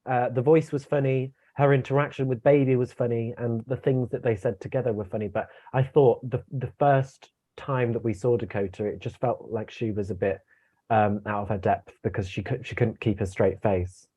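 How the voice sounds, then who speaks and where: A man's voice: mid-range voice, fairly even intonation, normal speed, warm tone. A young man giving his views in a casual review chat, chatty and opinionated, with stammering restarts. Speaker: co-host guest.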